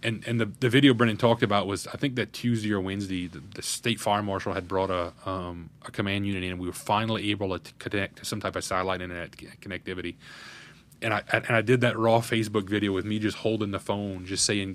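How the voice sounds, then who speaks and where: A parish president from Louisiana, USA, in his 30s, appears as a podcast guest and tells an earnest, candid story in an interview, recounting a crisis in detail. His voice is on the low side and steady in tone, and he speaks fast.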